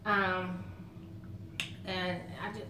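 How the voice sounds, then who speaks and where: A woman's voice: on the low side, flat delivery, extremely slow, background noise. A woman with a Southern American accent chatting to camera in a folksy way, laughing often as she tells stories. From Southern United States. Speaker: vlogger. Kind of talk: casual chat to camera. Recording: roomy echo.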